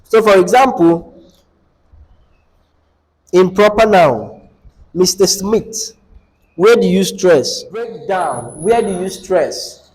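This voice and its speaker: A man's voice: high voice, animated, slow, long pauses, darkish tone, rough recording. A man teaching a class on word stress, often putting questions to the students and repeating the key words. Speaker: English teacher. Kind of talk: classroom lecture.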